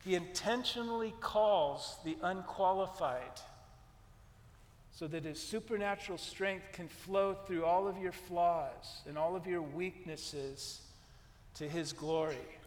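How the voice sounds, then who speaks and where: A man's voice: high-pitched, slow. A male pastor preaching a sermon, emphatic, repeating his key lines and retelling scripture scenes. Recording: long reverb from a large hall.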